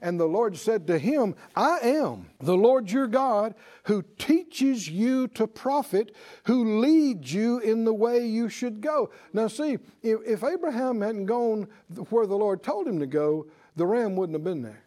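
A man preaching a sermon, emphatic and animated, stretching out key phrases and rising to exclamations. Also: sits high, measured pace, few pauses.

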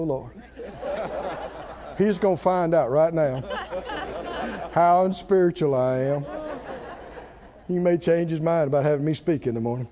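An older man preaching with a high voice that swoops up and down. His tone is mellow and warm. He tells stories, laughs often and calls out for the congregation to respond, all on a dull, lo-fi church recording. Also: a little hiss or hum. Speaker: pastor. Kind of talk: sermon.

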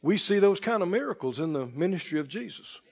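A man preaching a sermon in call-and-response style, building to shouted emphasis. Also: high voice, animated, fairly quick, gravelly, breathy edge, big-room sound, dull audio. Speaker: pastor.

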